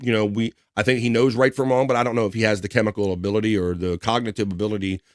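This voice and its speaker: A man's voice: on the low side, fairly even intonation, rapid-fire, dry recording, clean studio sound. A middle-aged man hosting a casual livestream, reading viewer comments in an upbeat, chatty way with frequent laughs. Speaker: livestream host.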